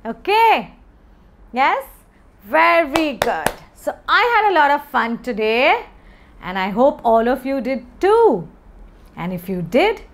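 A young woman teaching young children phonics, coaxing them along and answering her own questions in a sing-song way. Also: sits high.

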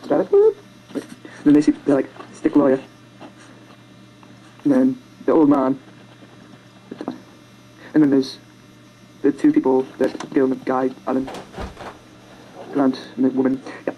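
Rambling fast talker, self-mocking, stumbles over words, swooping pitch, faint background hiss. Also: very animated, muffled recording. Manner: makes silly sound effects and character voices. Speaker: amateur video maker retelling a film over sketches. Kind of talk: casual rambling retelling.

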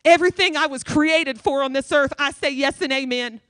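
A woman guest preacher moves briskly through her church sermon, hammering home repeated phrases with emphasis. Her fairly high voice has a fairly bright tone, recorded close and dry with little echo from the room.

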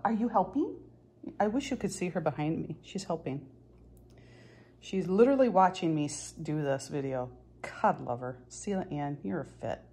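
Her voice sits at medium pitch, a little mellow and slightly rough. This middle-aged cross-stitch vlogger demonstrates stitches from home in an easygoing tutorial, chatting away and poking fun at herself.

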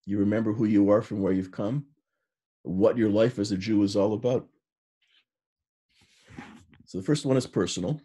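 An older rabbi in his sixties delivers a sermon and unhurriedly tells stories, with Hebrew terms mixed in. His voice is low, mellow and husky. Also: fairly even intonation, moderate pace, pauses often.

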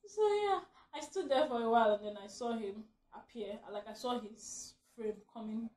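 High-voiced laughing woman in an echoey room. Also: moderate pace. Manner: animated, laughing often, acts out her own shouts. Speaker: vlogger telling a story. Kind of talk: casual storytime chat. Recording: roomy echo.

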